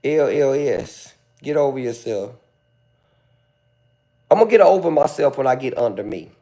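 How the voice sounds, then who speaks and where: A man's voice: mid-range voice, lively intonation, moderate pace, dark tone. A man hosting a live stream, sassily and theatrically roasting a commenter in mock-pleading asides. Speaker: livestreamer.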